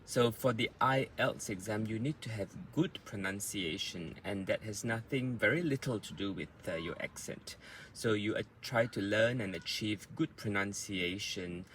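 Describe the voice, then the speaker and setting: Bright-voiced Australian English coach. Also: male voice, lowish voice, a little hiss or hum. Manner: patient, repeats words slowly to model stress. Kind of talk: spoken pronunciation lesson.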